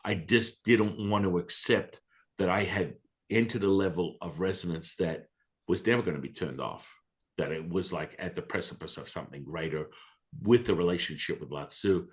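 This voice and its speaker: A man telling a personal story as a podcast guest, animated and excitable, with casual profanity. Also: sits low, moderate pace.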